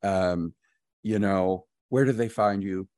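A man's voice: low voice, takes it slowly, a little mellow, no echo, studio quality. A man hosting a podcast, talking reflectively about his own parenting. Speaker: podcast host. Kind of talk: casual podcast conversation.

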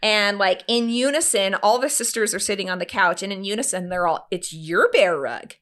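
Animated woman telling a story. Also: medium pitch, brisk, clear, resonant tone. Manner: animated, lots of "like", acts out quotes. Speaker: podcast co-host. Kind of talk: casual podcast storytelling.

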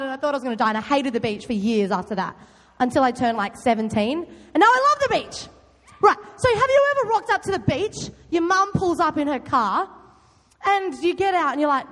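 A young woman giving a loud, chatty youth talk, often quizzing her audience. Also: high voice, animated, normal speed. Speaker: youth group speaker. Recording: long hall reverb.

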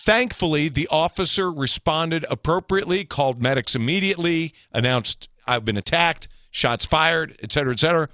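A man's voice: fairly high pitch, moderate pace, few pauses, pushed and bright, dry recording, studio quality. A man hosting a talk radio show, giving blunt, opinionated commentary.

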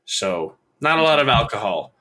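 Bright-voiced young man recounting a hard night. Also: mid-range voice, sing-song. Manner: halting, many restarts and fillers, recounting intensely. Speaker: guest telling a personal story. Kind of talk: personal account in a conversation.

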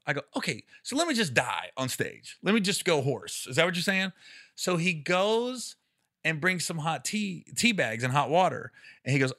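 A man telling comedy stories on a casual podcast, acting out quotes in high squeaky voices and laughing often. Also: moderate pace, no room sound, clean studio sound. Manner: animated storyteller who acts out quotes with high squeals and laughs. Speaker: comedian guest.

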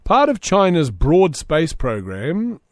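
A man's voice: a little high, huge pitch swings, takes it slowly, no room sound, studio quality. A man hosting a solo comedy podcast, reading news aloud with sarcastic asides. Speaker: podcast host.

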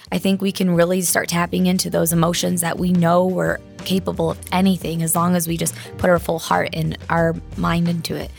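Low, gravelly-voiced young woman, tearful. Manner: fillers of "like", tearful and laughing. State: crying. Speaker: weightlifter guest. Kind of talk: emotional interview storytelling.

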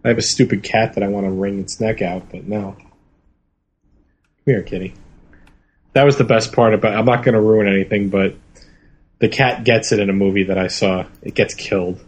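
A wry man with a husky voice, guesting on a loose comedy podcast. He tells jokey stories and laughs along with the hosts. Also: on the low side, fairly even intonation, moderate pace, long pauses. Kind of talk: casual comedy podcast chat.

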